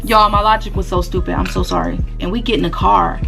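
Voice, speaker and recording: Young woman, animated storyteller, slangy and laughing, faint music behind. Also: medium pitch, fast, creaky. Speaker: vlogger and small shop owner. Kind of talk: casual storytime.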